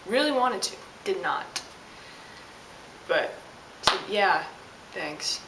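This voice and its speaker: A woman's voice: medium pitch, expressive, drawn-out words. A young woman telling an exasperated, sassy story as a casual vlog rant. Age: young adult. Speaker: vlogger. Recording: roomy, distant mic with hiss.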